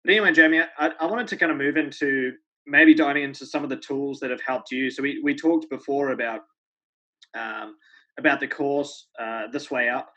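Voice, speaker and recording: A man hosting a podcast in a bright, forward voice of middle pitch. He talks earnestly and thoughtfully, with a slightly dull recorded sound. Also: fairly even intonation, normal speed. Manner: earnest, reflective, many tag questions. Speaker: podcast host. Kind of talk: podcast interview.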